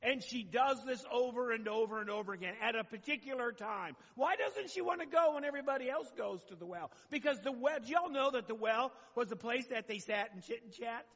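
A man's voice: extremely high pitch, expressive, brisk, few pauses, fairly bright tone, long reverb tail, lo-fi sound. A man preaching a sermon as pastor, talking conversationally and asking the congregation questions.

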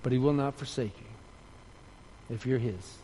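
A man preaching a sermon earnestly, rising and loud when telling a story, dropping soft and low for appeals. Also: slow pace, in a large hall, slight background noise. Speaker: pastor.

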